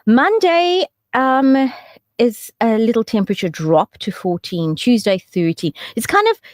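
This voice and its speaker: A woman's voice: unhurried, no room sound, clean studio sound. A woman hosting a radio show, chatting casually and joking through the weather. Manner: chatty and joking, with lively swoops in pitch and laughs.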